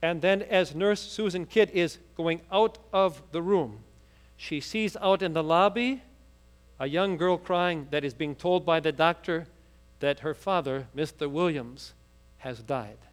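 A man preaching a sermon, telling a story rapidly and then rising into fervent, emphatic preaching. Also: fairly high pitch, clean tone.

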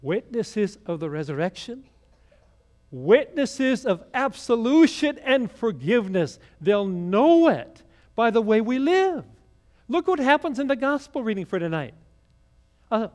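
A man's voice: very high voice, very animated, unhurried, darkish tone. A man preaching a sermon, retelling a gospel story with conversational asides to the congregation. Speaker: pastor.

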